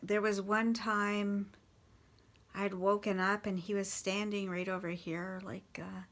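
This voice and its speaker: A woman casually recounting life with a partner's drinking, halting and swearing bluntly, with many restarts. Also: mid-range voice, little pitch movement, a bit bright. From Canada. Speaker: partner of a recovering alcoholic. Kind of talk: casual personal storytelling.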